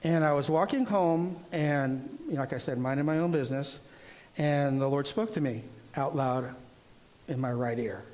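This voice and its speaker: A man in his sixties preaching informally, telling a personal testimony in a rambling, halting way with many restarts. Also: a little high, a little mellow.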